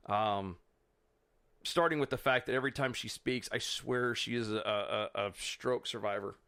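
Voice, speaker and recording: A man's voice: mid-range voice, normal speed, sharp tone, clear, resonant tone. A man co-hosting a casual political podcast, rambling and restarting his sentences. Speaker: podcast co-host.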